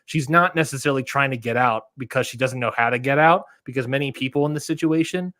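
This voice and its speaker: A man's voice: mid-range voice, fast talker, bright, forceful tone, dry recording, studio quality. A man co-hosting a wrestling podcast in casual chat, rambling with lots of fillers and restarts. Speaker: podcast co-host.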